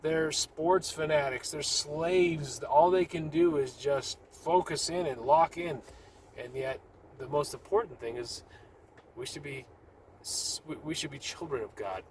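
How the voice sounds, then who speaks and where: A man with a slightly raised pitch speaks earnestly about his faith, urging listeners with rambling restarts and a casual vlogging tone. He is talking from inside a car, with a faint hum of the vehicle underneath. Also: measured pace, poor audio. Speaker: Christian vlogger. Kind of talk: casual faith talk to camera.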